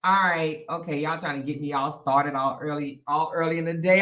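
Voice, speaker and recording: A woman's voice: low voice, fairly even intonation, fairly quick, hardly any pauses, a bit bright. A woman hosting a casual live stream, chatting straight to viewers and laughing often. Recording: echoey room.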